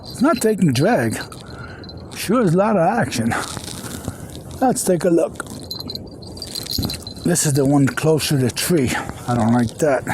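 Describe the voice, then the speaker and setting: A man with a high-pitched voice gives casual commentary outdoors on a river bank while he fishes. He is chatty and exclaims often, with breathy sighs between his lines. Faint noise sits behind him. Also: lively intonation, measured pace, long pauses. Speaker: angler filming his catch.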